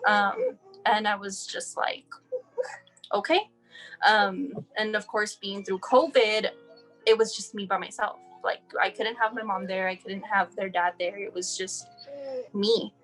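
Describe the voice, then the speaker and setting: During an interview, a young El Paso, Texas woman emotionally narrates her child's story, acting out what people said and restarting many times. She keeps a measured pace in a mid-range, slightly bright voice. The rough recording carries faint background music.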